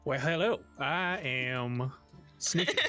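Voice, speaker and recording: A man's voice: on the high side, sing-song, takes it slowly, pushed and bright, soft background music, heavily acted. A man voicing a sneaky male goblin scout in a put-on Irish accent, stopping often with fillers. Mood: sly. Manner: hesitant, with many fillers.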